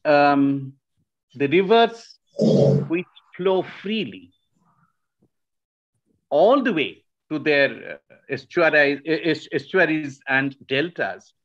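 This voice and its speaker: This webinar lecturer, a man from Shillong in India's northeast, delivers an academic talk full of pauses, fillers and false starts. He has a mid-range, fairly bright voice, and the recording is muffled.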